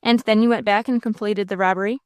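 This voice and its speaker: A woman voicing a cold, scheming young gentleman villain in an audiobook, speaking coolly and sternly. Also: mid-range voice, steady tone, fast talker, clean tone, dry recording, studio quality, lightly acted. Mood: cold, probing. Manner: cool, stern, sneering.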